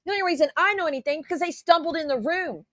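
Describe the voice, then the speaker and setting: In a very high-pitched, fast, slightly bright voice, a woman YouTube commentator rants heatedly in her own defense. She swears and throws out rhetorical questions, and the recording has no room sound.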